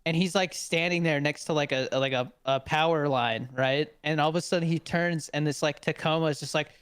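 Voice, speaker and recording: A man's voice: on the high side, a little fast, clear, resonant tone, no room sound, studio quality. A man co-hosting a podcast in casual chat, telling stories with lots of laughter and acting out what people said. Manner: animated storyteller, acts out quotes, laughs often. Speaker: podcast co-host.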